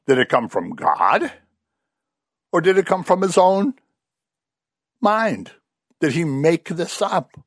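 A man delivers a sermon in a storytelling way, his pitch rising and falling with real animation. The sound is dry and close, with little room around it. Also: dry recording. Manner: animated storytelling, voices quoted figures. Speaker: preacher.

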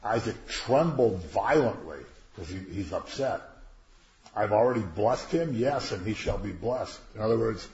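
A low-voiced man teaches a Bible class in a roomy space, captured on a dull, lo-fi recording. He talks casually and acts out the people in the story with playful, slangy voices. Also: animated, normal speed, darkish tone.

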